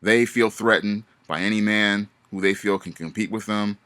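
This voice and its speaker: A man with a fairly low voice talks straight to camera in a casual monologue. He hammers each point with repeated warnings and frequent restarts. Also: fairly even intonation, moderate pace, fairly bright tone, clear, resonant tone. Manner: emphatic, repetitive warnings with many restarts. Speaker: vlogger.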